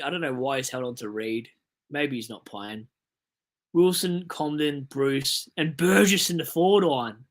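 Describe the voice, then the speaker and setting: A young Australian man hosting a casual livestream, chatting loosely, rambling and reading out viewer messages. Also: a little high. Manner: chatty, rambling, reads chat aloud. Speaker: livestream host.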